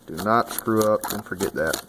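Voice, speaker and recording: A mechanic who hosts a channel, speaking in a lowish voice at normal speed over background noise, walks through a hands-on repair tutorial. He explains each step in a casual, folksy way, full of fillers.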